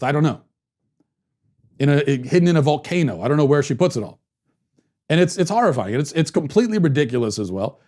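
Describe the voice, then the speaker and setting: A man in his thirties hosting a commentary show, telling a story at home in a sarcastic, deadpan way and keeping his voice down. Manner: lowers his voice to keep quiet at home. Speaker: podcast host. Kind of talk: opinion commentary monologue.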